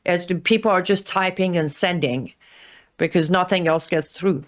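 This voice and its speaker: A woman's voice: lowish voice, moderate pace. A woman commenting as a guest on a talk show, hesitant, with many fillers and restarts. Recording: dull lo-fi audio.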